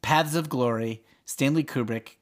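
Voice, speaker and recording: Speaking unhurriedly at medium pitch, a man co-hosting a podcast chats casually about movies. He walks through scenes in an animated way, voicing the characters' lines himself.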